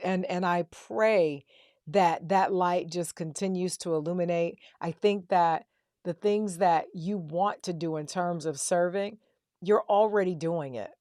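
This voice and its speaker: A woman host talks in a warm, heartfelt interview style. She showers her guest with endearments like "baby" and "girl". The sound is dry and close, with no room echo. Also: on the low side. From a self-described country girl. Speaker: podcast host.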